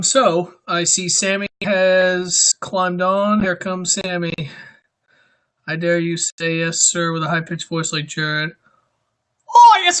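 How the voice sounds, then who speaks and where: A man's voice: on the high side, pushed and bright. A young man hosting a casual livestream, greeting viewers by name and joking around. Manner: chatty, greets viewers, jokey. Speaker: livestream host.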